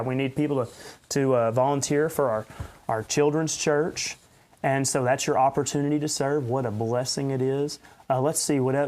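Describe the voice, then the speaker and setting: A man's voice: medium pitch, darkish tone. A man, a pastor hosting a podcast, rambling and ranting in unscripted commentary with sarcastic asides.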